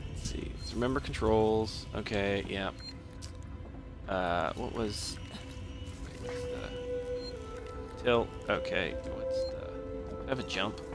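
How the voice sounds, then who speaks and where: Playing a horror game on a live stream, a man with a fairly low voice gets jumpy and nervous and mocks himself along the way. He takes it slowly with long pauses, and loud game music plays under his commentary.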